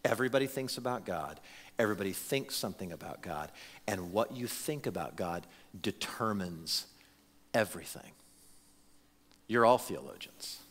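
A man's voice: fairly low pitch, animated, normal speed, long pauses, a bit bright, in a large hall. A pastor in his forties preaching a sermon in a church, acting out the voices of the people he quotes. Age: 40s. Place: church sanctuary.

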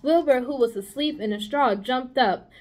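A woman reads a children's novel aloud to pupils in the manner of a school psychologist. Her voice sits a little high and stays expressive, and she corrects small slips without fuss. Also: normal speed. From United States. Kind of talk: children's book read-aloud.

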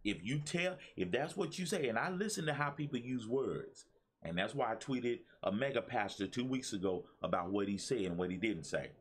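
A man's voice: mid-range voice, expressive, moderate pace, slightly rough. A man, a pastor and motivational speaker, giving a preachy talk to his viewers, repeating himself and calling out to the audience. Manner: preachy, repetitive, calls on the audience.

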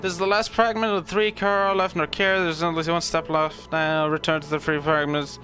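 Ancient spirit guardian, grave and measured, voiced by a man reading game text, bright tense tone over faint music. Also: a little high, level tone. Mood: solemn.

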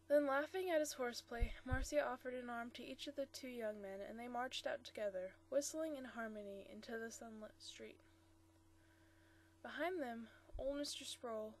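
A woman with a high voice reads a short story aloud. Her narration is steady, with occasional stumbles that she corrects as she goes. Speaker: story reader.

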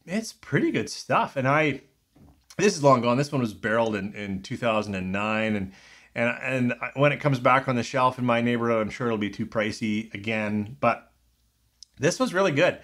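A man's voice: medium pitch, animated, normal speed, fairly bright tone. A man casually reviewing whiskies in a rambling, thinking-aloud way, full of fillers and restarts.

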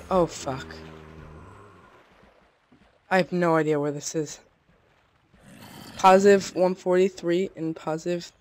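A woman's voice: deep voice, unhurried, pauses often, darkish tone, slight background noise. Chatty woman narrating her gameplay. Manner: chatty, bursts into startled exclamations. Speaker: let's play gamer. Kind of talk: casual gameplay commentary.

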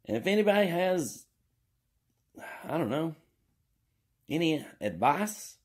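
Slow, rambling man. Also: fairly high pitch, very animated, breathy edge. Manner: rambling, jokey, drawling. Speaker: vlogger. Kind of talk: rambling comic vlog. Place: indoors.

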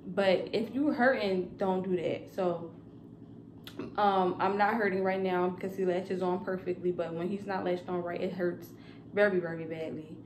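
A woman's voice: fairly low pitch, fairly even intonation, moderate pace, roomy sound, a little hiss or hum. A young woman vlogging casually to camera about new motherhood, rambling with lots of fillers. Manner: chatty and rambling, with many fillers.

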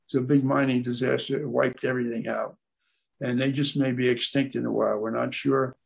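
An older man, a guest at an aquarium club, tells rambling anecdotes that meander, often pausing to hunt for words and filling the gaps with plenty of fillers. His mid-range voice is creaky and slightly rough, level in tone, and a little fast.

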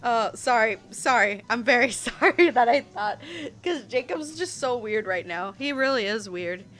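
Young southern girl streamer, chatty and giggly, kinda high voice, faint music under. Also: animated, moderate pace, fairly bright tone. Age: young adult. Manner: chatty, giggly, easily sidetracked. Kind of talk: casual live game stream chat.

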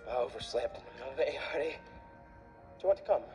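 A man's voice: medium pitch, animated, rapid-fire, lightly acted. A man voicing an easygoing young male conductor in a fan dub, casual, slangy and given to sighs. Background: music.

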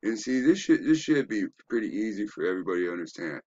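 A man's voice: fairly low pitch, big pitch swings, quick pace, darkish tone, highs cut off. A man giving a rambling, profane, preachy commentary while browsing web pages, asking rhetorical questions. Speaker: online commentator.

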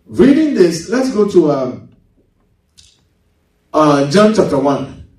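Man preaching, slow delivery, dark mellow tone, call-and-response questions, very echoey church hall, distant mic. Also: on the high side, big pitch swings. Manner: asks the congregation leading questions. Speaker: pastor. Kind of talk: sermon with call-and-response Bible reading.

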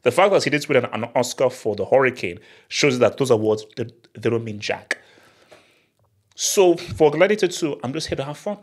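A young man chatting casually to camera as a movie vlogger, excitable and slangy, often repeating himself and laughing. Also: medium pitch, moderate pace.

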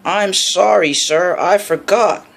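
A man's voice: high-pitched, takes it slowly, gravelly, a bit bright, voice pushed up, heavily acted. A man voicing a cheerful, eager young male tank engine in a storybook reading.

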